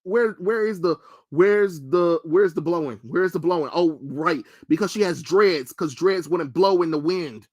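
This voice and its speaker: A man's voice: fairly high pitch, unhurried. Blunt, mocking young male streamer. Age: young adult. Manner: blunt, mocking, profane ranting. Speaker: live streamer. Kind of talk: live reaction commentary.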